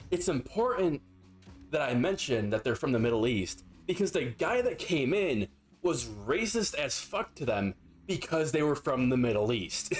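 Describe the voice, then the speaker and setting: A man's voice: mid-range voice, big pitch swings, normal speed, soft background music. Rambling, profane young man streamer. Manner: profane, rambling, filler-heavy. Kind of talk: casual storytelling while gaming.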